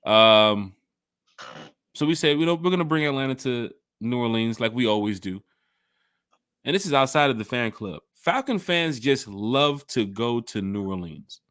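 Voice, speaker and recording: Guy hyping up a fan podcast, slangy, shouting out the chat, dry close sound. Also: medium pitch, moderate pace, clean tone, dry recording. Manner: animated, hype, slangy, reads chat shout-outs. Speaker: podcast co-host. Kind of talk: casual sports fan chat.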